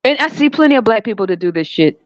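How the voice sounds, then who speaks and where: A woman's voice: fairly high pitch, big pitch swings, fast talker, dry recording. Woman host, blunt and sarcastic, swearing through a heated rant; dull, dry recording. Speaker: podcast host. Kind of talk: profane ranting monologue.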